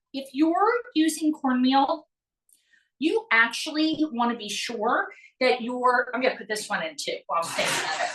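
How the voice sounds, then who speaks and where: A bubbly woman talks viewers through a live cooking class, chatting and calling out names as she works. Her voice sits a little high, and it rings in a roomy kitchen. The mic is set a distance away from her. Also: fairly bright tone. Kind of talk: live online cooking demonstration.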